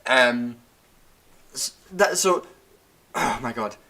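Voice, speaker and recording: A young man, drinking wine while ranting about a TV show in a profane, animated way, laughing and tripping over his words. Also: mid-range voice, very slow. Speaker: vlogger. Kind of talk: casual rant.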